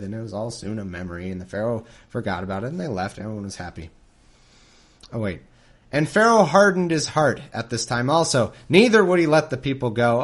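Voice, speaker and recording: A man's voice: medium pitch, lively intonation, normal speed. Sarcastic male podcast host. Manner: sarcastic, exasperated. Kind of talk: casual Bible reading with commentary.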